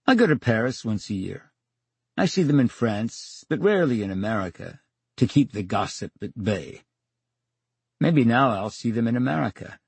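Older man, lively wry storyteller. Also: medium pitch, normal speed, gravelly, slightly rough, no echo. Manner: theatrical storyteller, acts out dialogue, wry. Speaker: radio interview guest. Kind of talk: storytelling in a radio interview. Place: radio studio.

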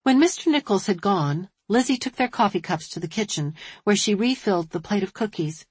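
A woman narrating an audiobook in a measured storytelling manner, recorded close on a studio mic. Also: mid-range voice, lively intonation, a little mellow, husky, no room sound. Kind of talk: scripted narration.

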